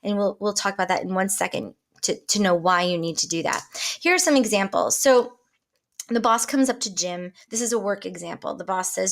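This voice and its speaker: A woman giving a coaching talk, lively and conversational, often acting out short example dialogues. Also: medium pitch, fairly quick, vocal fry. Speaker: life coach.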